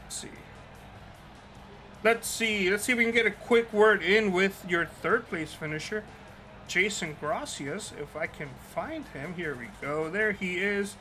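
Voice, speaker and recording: Race color guy, high bright voice, laid back, some music faint in the back. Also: unhurried. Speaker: color commentator. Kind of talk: race commentary.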